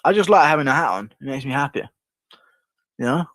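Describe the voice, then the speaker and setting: A man's voice: medium pitch, animated, a little fast, a bit bright, no echo. A man from the United Kingdom streaming and chatting casually with viewers, rambling and crude.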